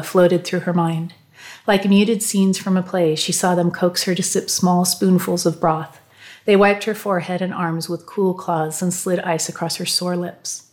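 A woman narrating an audiobook in a calm, measured way. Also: on the low side.

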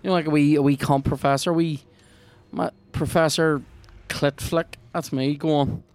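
Sweary excitable Northern Irish man. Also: a little high, normal speed, smooth, no room sound. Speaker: podcast host playing a video game. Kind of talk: casual gameplay commentary.

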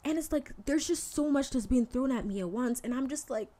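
A woman hosting a podcast and giving a casual faith talk monologue, candid and animated, with slangy asides. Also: sits high, fairly quick, few pauses. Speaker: podcast host.

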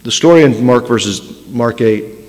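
A man's voice: medium pitch, normal speed, a little mellow. A man, a rabbi, preaching a sermon with emphatic storytelling and frequent restarts. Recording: long hall reverb.

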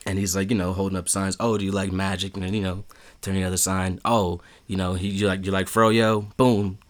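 A man co-hosting a casual chat, retelling what he watched with lively acted-out quotes and frequent laughter. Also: fairly quick. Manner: animated storyteller, acts out quotes with big pitch jumps and laughs.

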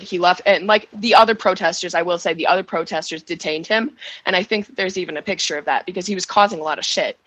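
Shaken woman telling a halting story. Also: fairly low pitch, a bit bright, husky, no echo, rough recording. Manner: halting, many restarts and nervous laughs. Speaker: guest recounting events. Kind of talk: emotional first-person account.

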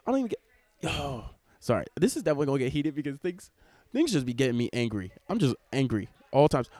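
A young man talks fast and loose in a rambling, excitable podcast rant, cursing freely. His voice sits at an ordinary pitch and comes through close and dry, with no room sound around it. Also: dry recording. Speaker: podcast host. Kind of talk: casual podcast chat. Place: in public on a cruise ship. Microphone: wearing headphones, laptop recording.

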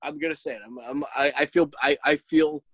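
A man's voice: fairly high pitch, fairly even intonation, fairly quick, no echo, poor audio. Profane, exasperated man telling a story. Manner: shouts when quoting himself. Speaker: podcast host, parent. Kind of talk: casual chat.

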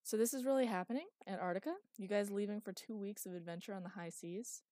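A woman's voice: medium pitch, quick pace, mellow, dry recording, clean studio sound, pitched above the performer's own voice, close to an everyday voice. A woman voicing a playful adult daughter who teases her father in a bubbly way. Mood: teasing. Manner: bubbly, teasing.

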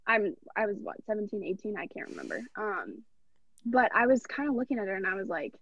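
A woman's voice: mid-range voice, expressive, brisk, vocal fry, fairly bright tone. Young woman telling a story, muffled recording. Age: young adult. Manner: earnest, rambling, heartfelt retelling. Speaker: podcast guest, college athlete. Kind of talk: casual personal storytelling. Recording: dull, dry lo-fi recording.

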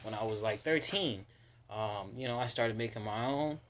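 Profane, animated man on lo-fi audio. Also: on the low side, normal speed, slight background noise. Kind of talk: casual chat. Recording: dull lo-fi recording.

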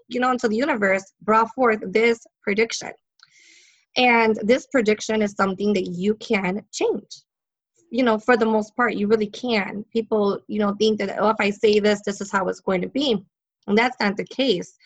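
In a relaxed interview, a psychic woman shares stories chattily, full of laughter and filler words. She speaks at a moderate pace in a medium pitch, though the audio sounds dull.

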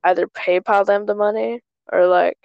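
Gravelly-voiced woman chatting on a call. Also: mid-range voice, steady tone, normal speed, dry recording, lo-fi sound. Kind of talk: casual chat. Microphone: phone on a group call.

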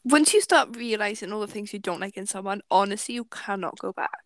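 A woman's voice: medium pitch, expressive, brisk, dry recording. A woman in casual podcast chat, giving frank, blunt advice.

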